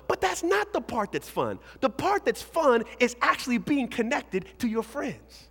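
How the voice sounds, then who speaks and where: A man preaching a lively sermon to young people as a youth pastor, swinging between shouts and hushed asides. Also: very high-pitched, unhurried, vocal fry, hardly any pauses, husky. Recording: hall reverb.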